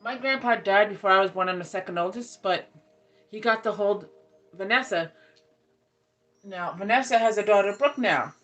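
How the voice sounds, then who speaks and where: Brief: woman storyteller, mid-range pitch, loose and rambling with constant restarts; music playing underneath. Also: normal speed, pauses often, fairly bright tone, low-quality recording. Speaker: ASMR channel host. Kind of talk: casual storytelling. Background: background music.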